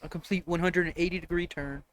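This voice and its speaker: A man's voice: a little high, fairly even intonation, quick pace, a bit bright, a little hiss or hum. A young man co-hosting a casual podcast, telling laid-back anecdotes with chuckles. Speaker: podcast co-host. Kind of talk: casual chat.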